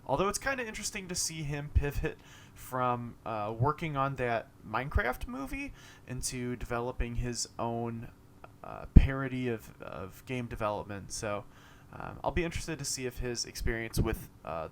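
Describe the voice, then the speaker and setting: A man's voice: medium pitch, lively intonation, moderate pace, slight background noise. A young man casually recapping a game showcase, rambling, with many fillers and self-corrections. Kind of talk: casual commentary monologue.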